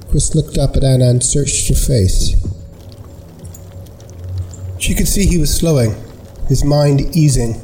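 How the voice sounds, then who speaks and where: A man narrating a scripted story in a measured, unhurried way. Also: medium pitch, mellow, rough recording.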